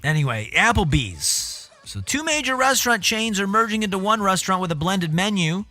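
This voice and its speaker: A man's voice: sits high, big pitch swings, normal speed, bright, forceful tone, soft background music. A young man streaming casually, reading a news article aloud with rambling, jokey asides.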